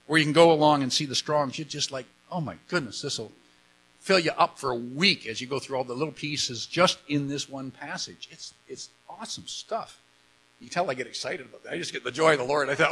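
A man's voice: on the high side, pushed and bright, a little hiss or hum, rough recording. A man preaching a sermon, enthusiastic and emphatic, often repeating words as he explains scripture. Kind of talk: sermon with Bible reading.

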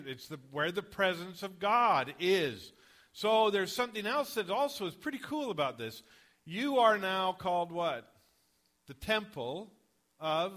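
Bright-voiced male preacher. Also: on the high side. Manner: conversational, asks the congregation questions. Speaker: pastor. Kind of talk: sermon.

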